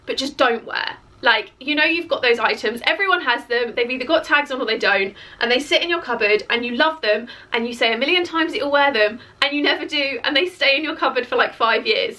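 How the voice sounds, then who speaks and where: A woman chatting casually through a clothing haul, her voice croaky and cracking from hiccups, with lots of "like" fillers. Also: high-pitched, a little fast, few pauses, pushed and bright. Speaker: fashion vlogger. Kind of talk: casual try-on haul chat. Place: bedroom beside a clothes rail.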